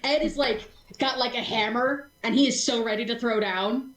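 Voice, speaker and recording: Gm lady narrating a tabletop game, high-ish voice, lots of um and like, echoey room. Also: moderate pace, slight background noise. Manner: animated, laughing, lots of fillers and restarts. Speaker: game master.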